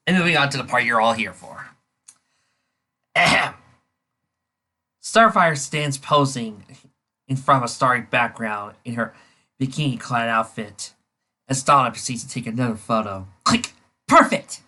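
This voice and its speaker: Animated woman reading and mocking fanfiction. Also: very deep voice, moderate pace, pauses often. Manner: incredulous, sarcastic, breaks into laughter. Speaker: fanfiction reader and reviewer. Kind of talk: dramatic reading with sarcastic commentary.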